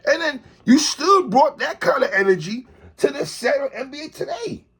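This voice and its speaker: Very high-voiced and speaking at normal speed, a man who vlogs commentary delivers an animated monologue calling out a TV host. He repeatedly finishes with "sister, respectfully."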